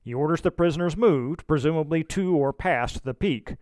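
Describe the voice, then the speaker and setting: A man narrating history from a script in a measured storytelling manner. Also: on the high side, darkish tone, dry recording.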